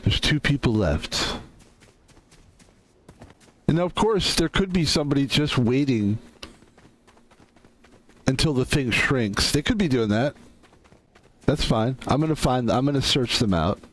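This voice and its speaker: Chatty man with bouncy pitch. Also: lively intonation, measured pace, pauses often. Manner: rambling, laughing, joking asides. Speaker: streamer. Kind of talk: casual gameplay commentary.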